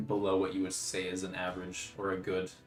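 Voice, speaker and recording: Relaxed man as game master, low voice, roomy echo, soft music underneath. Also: moderate pace. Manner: easygoing, chuckles often. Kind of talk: narrating a tabletop game. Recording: echoey room, faint music.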